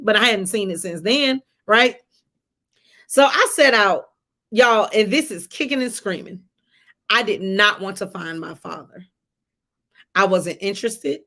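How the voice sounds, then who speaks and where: A woman, telling a personal story on a live stream in a conversational, animated way and talking to viewers as y'all. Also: mid-range voice. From Atlanta area, US. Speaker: livestream host. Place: home, during a rainstorm.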